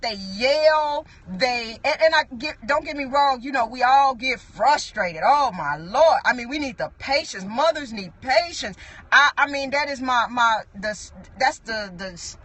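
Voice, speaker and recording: A woman's voice: high voice, a bit bright. A middle-aged woman preaching a sermon in an earnest, conversational way, full of restarts and asides. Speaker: apostle preaching.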